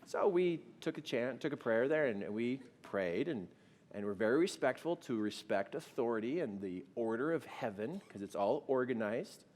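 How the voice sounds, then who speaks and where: A man giving a spiritual storytelling talk, animated, acting out dialogue and slowing down for emphasis. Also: medium pitch, slight background noise. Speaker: storyteller and speaker.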